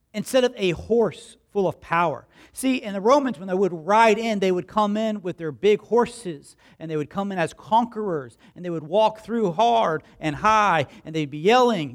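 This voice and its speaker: High-voiced guy preaching, chatty, acts out little scenes, asks the room questions. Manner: animated storytelling, acts out voices and crowd quotes; conversational, asks the congregation questions. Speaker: pastor. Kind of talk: sermon.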